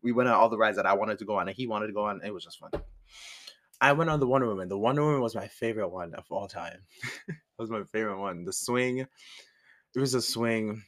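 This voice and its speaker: A young man casually telling a personal story, animated, laughing often and swearing freely. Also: on the low side, quick pace. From outside the United States.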